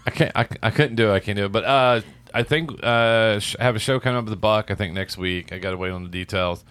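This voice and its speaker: A man's voice: lowish voice, quick pace, fairly bright tone, clean tone, dry recording. A man co-hosting a podcast, chatting casually in a rambling way. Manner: rambling, with frequent fillers and restarts. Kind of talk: casual chat.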